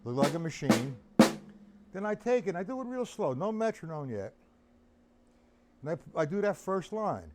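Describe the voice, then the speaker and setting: A man's voice: on the high side, normal speed, pauses often, over music. A tired man giving a live-streamed drum lesson, chatting loosely and greeting viewers by name. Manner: relaxed, chatty, talks to chat viewers by name. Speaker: drum teacher.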